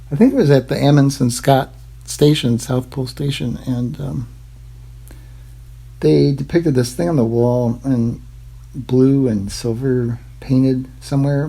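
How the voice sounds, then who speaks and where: A man's voice: medium pitch, mellow, breathy edge, rough recording. A man hosting his own channel, rambling casually and irreverently about old maps, swearing and mocking himself. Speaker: YouTube channel host.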